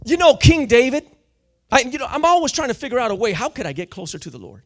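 A man preaching a sermon with fervor, slangy and full of restarts, often building up to shouting. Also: very high voice, sing-song, fast talker.

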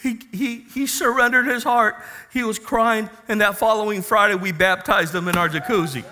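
High-voiced, bright-toned man preaching. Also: fairly even intonation, moderate pace, a little hiss or hum. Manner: impassioned storytelling, rising to loud emphatic bursts. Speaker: pastor. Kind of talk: sermon with personal testimony.

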